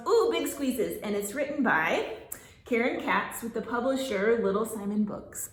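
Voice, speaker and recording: A woman leading a children's storytime in a library classroom, reading aloud and singing in an animated, sing-song way with gasps of delight. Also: on the high side. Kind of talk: children's storytime with songs and signing. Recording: echoey room.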